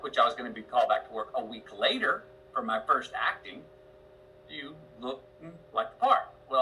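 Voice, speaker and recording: A man in his fifties, a guest actor, telling a long story in an interview with a slow drawl, murmuring his inner lines. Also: mid-range voice, pushed and bright, poor audio. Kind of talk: storytelling interview on a video call.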